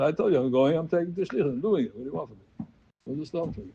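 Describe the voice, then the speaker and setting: A man leading a Talmud study group, explaining the text in an animated voice and chanting quoted passages in a sing-song. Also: fairly high pitch, fast talker, vocal fry, breathy edge, dull audio. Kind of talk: Talmud class teaching.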